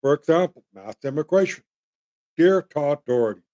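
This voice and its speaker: Rambling blunt man, dark voice. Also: on the high side, moderate pace. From Canada. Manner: rambling, blunt and folksy, addresses folks. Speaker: host. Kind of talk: opinionated solo commentary.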